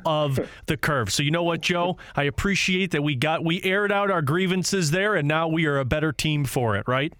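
A man co-hosting a hockey podcast chats in a relaxed way and trades friendly teasing with his partner. His voice sits a little high for a man. The sound is dry and close. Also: moderate pace, few pauses, no echo. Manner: easygoing, teasing banter. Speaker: podcast co-host, sports broadcaster. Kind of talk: casual chat.

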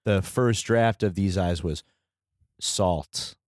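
A man's voice: deep voice, slow, no room sound, clean studio sound. A man co-hosting a casual comedy podcast, playful and riffing on jokes. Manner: playful, riffs into sing-song bits. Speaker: podcast co-host. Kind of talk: casual chat.

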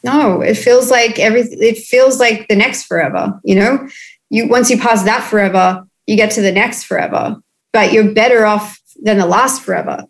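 A woman's voice: medium pitch, normal speed. A woman in her thirties from Australia, a musician guest on a video call, talking candidly and casually with many fillers and restarts. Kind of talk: candid interview chat.

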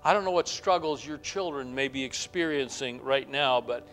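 A man's voice: mid-range voice, moderate pace, a bit bright, faint music behind. An older man preaching a heartfelt testimony sermon, earnest and building to fervent appeals.

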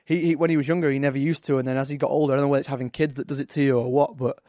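A man's voice: mid-range voice, little pitch movement, rapid-fire, warm tone, dry recording. Hesitant English man, dry close sound. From England. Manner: hesitant, lots of fillers and restarts. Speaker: actor guest. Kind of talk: casual podcast interview.

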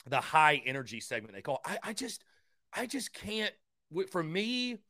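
Excitable, rambling sports talk host man. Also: moderate pace, dry recording, clean studio sound. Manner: rambling, high-energy, excitable; stammering restarts. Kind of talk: call-in sports radio chat.

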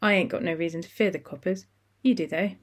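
A narrator voicing an angry male van driver who shouts aggressive threats, louder and higher than the narration. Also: fairly even intonation, quick pace, natural voice. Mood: menacing.

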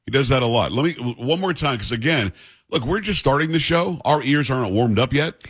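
A man's voice: medium pitch, animated, brisk, fairly bright tone, slightly rough. A male radio talk show host in casual, wry banter, mocking the clips he plays.

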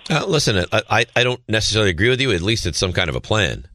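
A man's voice: fairly low pitch, sing-song, racing, bright, forceful tone. A male sports radio host in casual chat, emphatic and repeating his points for stress.

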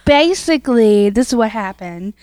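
A woman co-hosting a podcast, telling a childhood story in animated casual chat and laughing as she goes. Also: on the high side, normal speed, clean tone. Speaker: podcast co-host.

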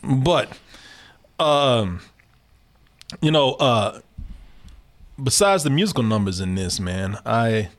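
A man's voice: mid-range voice, expressive, slow pace, long pauses. A man hosting a casual movie reaction chat, talking animatedly with frequent laughter and swearing.

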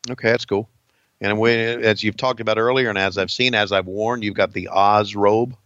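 A man's voice: fairly low pitch, fairly even intonation, moderate pace, a bit bright, no room sound, highs cut off. A man cohosting a podcast, chatting casually, swearing a lot and laughing easily. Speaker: podcast co-host. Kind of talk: casual profane chat.

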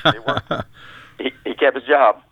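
A man's voice: medium pitch, steady tone, measured pace, no echo. A man, an author and former caddy, telling rambling, folksy stories as a guest over the phone. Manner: rambling, folksy storyteller with restarts. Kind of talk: storytelling phone interview. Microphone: telephone. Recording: tinny phone line, dry.

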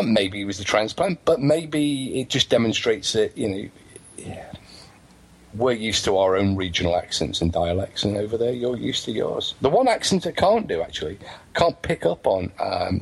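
A man's voice: lowish voice, creaky, husky, rough recording. A man with an English accent co-hosting a talk show, explaining things hesitantly with many ums. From England. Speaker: co-host. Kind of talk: casual chat.

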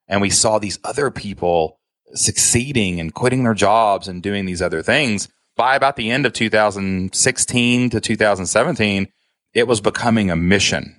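A man with a low, grounded voice tells his story as a podcast guest. He talks with candid, emotional earnestness and drops a "man" into his sentences often. The sound is close and dry, with no room around it. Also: fairly bright tone, no echo. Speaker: guest, online business founder.

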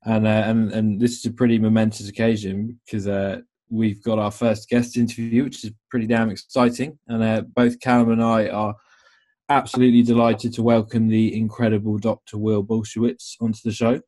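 A young British man hosts a podcast, his delivery rambling and padded with fillers. His pitch sits fairly low and stays flat, with little rise and fall. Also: fairly quick. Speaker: podcast host. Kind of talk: casual podcast interview.

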